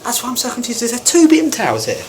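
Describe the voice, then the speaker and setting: Woman rattling on about lifts, kinda high voice that jumps all over, faint noise behind. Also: quick pace. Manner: excitable, lively, gets carried away with lift details. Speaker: vlogger exploring lifts. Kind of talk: enthusiastic technical commentary. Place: inside buildings and lift shafts.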